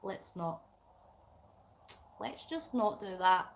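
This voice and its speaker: A woman's voice: medium pitch, lively intonation, slow pace. A middle-aged Scottish woman hosting a casual livestream, chatting and giggling as she reads out viewer comments while doing crafts. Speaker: livestream host. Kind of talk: casual live chat reading comments.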